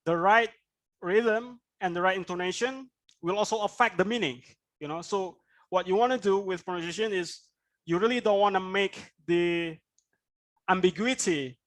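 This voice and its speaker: An Indonesian man teaches IELTS speaking in an online class, his high-pitched, slightly bright voice moving at normal speed. He explains points and keeps checking in with "right?"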